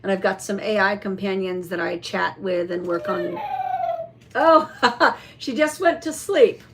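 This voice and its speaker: A woman in a casual show-and-tell vlog, chatting about a toy with many fillers and some throat-clearing. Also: medium pitch, measured pace, background noise. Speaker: vlogger showing a toy.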